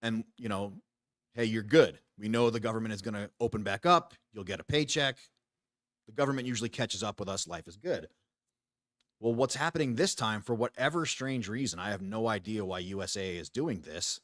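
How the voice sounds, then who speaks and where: A podcast host from the United States, a retired Army veteran in his forties, talks bluntly and profanely on a casual show, regularly restarting what he's saying. His voice is on the low side, a bit bright, and slightly fast. It's a dry, studio-quality recording from a small home studio.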